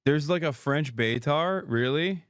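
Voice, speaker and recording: A man's voice: a little high, a little slow, a bit bright, no room sound, studio quality. A man in his thirties giving sarcastic, profane commentary as a streamer host, laughing often. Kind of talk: casual commentary.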